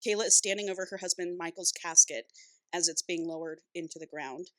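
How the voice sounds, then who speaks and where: A young woman co-hosting a casual podcast, excitedly retelling a novel, gushing, and laughing often. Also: fairly low pitch, a little fast, dry recording. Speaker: podcast co-host.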